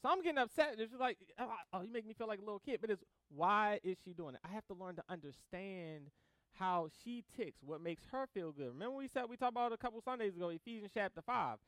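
A man preaching a sermon in a casual, animated way, acting out both sides of conversations and laughing as he tells stories. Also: high-pitched, quick pace, clear, resonant tone, no room sound. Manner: casual slang-filled delivery with laughter. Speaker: pastor.

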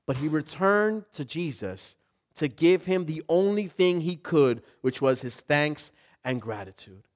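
A male pastor preaching a sermon in an animated way, rising to loud emphasis. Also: fairly high pitch, measured pace.

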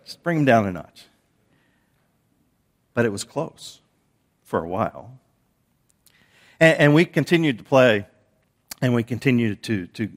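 Male pastor, lowish voice, conversational sermon storytelling, repeats and restarts words.

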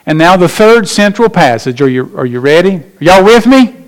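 A man preaching a sermon as pastor, emphatic, slowing down and rising in pitch to stress his points. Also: big pitch swings.

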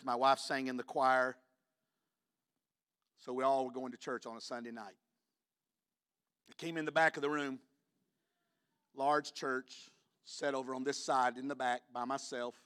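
A man preaching a sermon in a church, moving between quiet personal storytelling and loud, shouted declarations. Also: mid-range voice. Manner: shifts from hushed storytelling to shouted climaxes.

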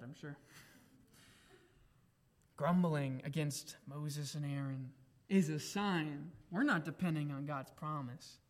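A young man preaching a sermon, emphatic, moving between raised exclamations and quiet reflective asides. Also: fairly high pitch.

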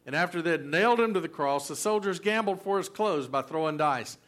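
A man's voice: on the high side, expressive, a little fast, a bit bright. A man preaching a sermon in a loose, conversational way, many fillers and restarts. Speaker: pastor.

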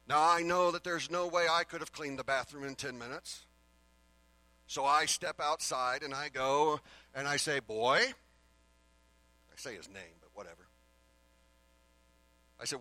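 Emphatic preaching man, bright voice. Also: on the high side, normal speed, pauses often, no room sound, poor audio. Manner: swings between loud emphatic preaching and quiet earnest asides. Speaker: pastor. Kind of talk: sermon.

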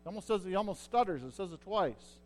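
A middle-aged man with a notably high voice preaches a sermon. He talks like he's chatting with the congregation and often stops to ask if they're following. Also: expressive, fast, darkish tone. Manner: conversational preaching, checks in with listeners. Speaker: pastor.

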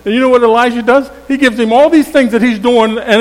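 A man preaching a sermon in a conversational storytelling way, swinging from loud emphasis to hushed tones. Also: very high-pitched, steady tone, fast, hardly any pauses. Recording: long hall reverb with faint mains hum.

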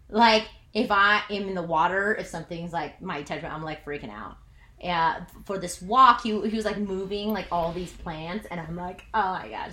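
In an echoey room, a woman pastor with a medium-pitched voice tells a personal story during her sermon. She's animated and self-mocking, saying "like" a lot.

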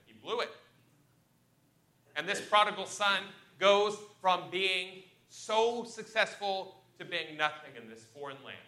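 Bright-voiced preacher in a roomy church. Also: male voice, fairly high pitch. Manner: animated storytelling with sharp swings in loudness. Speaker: pastor. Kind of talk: sermon. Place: church sanctuary.

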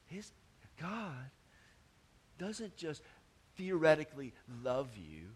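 A male pastor preaches in a somewhat high voice. He drives his points hard, then drops to a low, quiet aside. He repeats words and restarts phrases as he goes. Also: animated, measured pace. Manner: swings between loud emphatic stretches and quiet low asides. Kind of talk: sermon.

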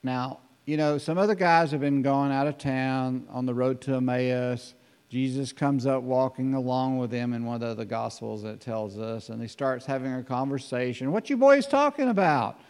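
A man preaching a sermon in a conversational, animated way, acting out the voices in the scripture he reads. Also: medium pitch, moderate pace, clean tone, in a large hall. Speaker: pastor.

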